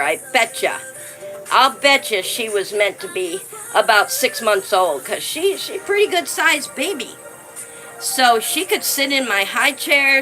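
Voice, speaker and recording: A woman's voice: fairly high pitch, rough recording. A woman hosting a casual live stream, chatting to viewers, thanking them by name and speaking fondly, with frequent restarts. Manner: chatty, thanks viewers by name, warmly fond of her dolls.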